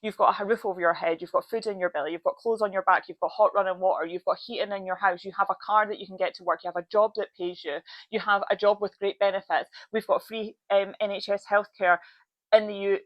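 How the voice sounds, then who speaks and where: A woman's voice: medium pitch, steady tone, fast, no room sound, highs cut off. A woman in her thirties hosting her own podcast, talking bluntly and swearing freely as she lists things to be grateful for and urges listeners to change their lives. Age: 30s. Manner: blunt, swears freely, repeats phrases for emphasis. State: tearful, voice breaking with emotion. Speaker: podcast host. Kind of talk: motivational solo podcast.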